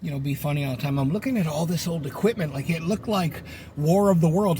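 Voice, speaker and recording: A middle-aged man rambles through a casual, joking story and slips into voices for the people in it. His voice sits a little high for a man. A faint hiss of noise runs under the recording. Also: brisk, a little mellow. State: sunburned. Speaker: vlogger telling a personal story.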